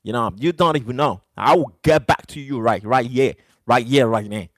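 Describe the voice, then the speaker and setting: A man's voice: mid-range voice, moderate pace, fairly bright tone, dry recording. A man who is not a native English speaker, livestreaming and ranting defiantly back at his chat, repeating "brother" and "you know". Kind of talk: live stream rant to chat.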